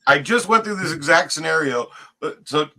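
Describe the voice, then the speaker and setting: A middle-aged man spins a story in casual chat, swearing freely and checking in with "right?" at every turn. His voice is bright and forceful, and he is animated throughout. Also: a little high, normal speed, vocal fry. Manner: profane, animated storyteller, says "right?" often.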